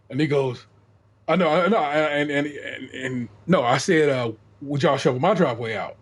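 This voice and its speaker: High-voiced man telling a profane story. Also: a little fast, breathy edge. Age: middle-aged. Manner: profane, animated storyteller acting out quotes. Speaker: podcast co-host. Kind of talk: casual storytelling chat.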